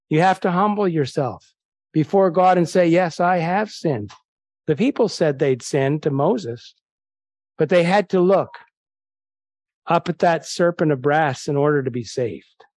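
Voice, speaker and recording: A man's voice: fairly high pitch, a little mellow, dry recording. A man preaching an evangelistic sermon, reading Bible verses aloud and pressing his listeners with indignant rhetorical questions.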